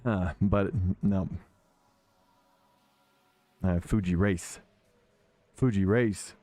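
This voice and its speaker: A man's voice: sits low, drawn-out words, no echo. A man streaming sim racing, chatting casually to viewers while he drives, often restarting and correcting himself, with faint music behind. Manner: chatty, self-correcting, excitable. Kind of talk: casual live-stream chat while driving.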